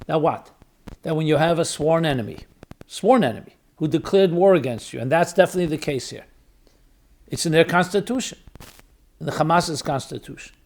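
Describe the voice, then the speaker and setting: A rabbi hosting a podcast, speaking in a fairly high male voice. He lectures emphatically, repeats key words to drive a point home and weighs arguments aloud with rhetorical questions. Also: darkish tone. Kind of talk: spoken lecture answering questions.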